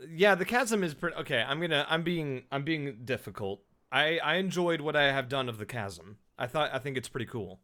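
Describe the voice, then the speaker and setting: A man's voice: fairly high pitch, expressive, brisk, few pauses, pushed and bright. A man streaming a video game who jokes with his chat, thinks aloud, and mimics the characters. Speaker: streamer and voice actor. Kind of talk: casual game-stream chatter. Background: faint game music.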